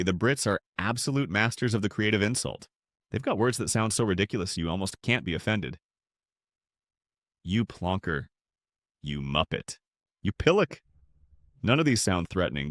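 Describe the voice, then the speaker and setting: A man narrates an explainer video in a wry, playful way, his fairly low voice swinging widely up and down. The sound is dry and close. He keeps his jokes short and punchy. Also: no echo. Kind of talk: scripted comedic narration.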